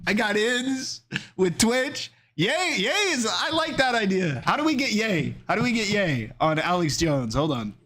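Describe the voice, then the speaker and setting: A man's voice: high-pitched, very animated, moderate pace, few pauses, a bit bright. A male streamer in casual chat, riffing loosely and reading his chat aloud.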